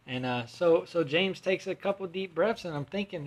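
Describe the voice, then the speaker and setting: A man with a voice on the high side hosts a podcast from home, speaking at normal speed. He tells a long story casually, rambling, swearing, and restarting his sentences often.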